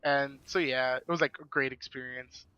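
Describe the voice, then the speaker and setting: A man's voice: mid-range voice, steady tone, normal speed, pushed and bright, clear, resonant tone, dry recording, lo-fi sound. A man chatting casually as a podcast guest, telling a rambling story and acting out quoted lines. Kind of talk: casual chat.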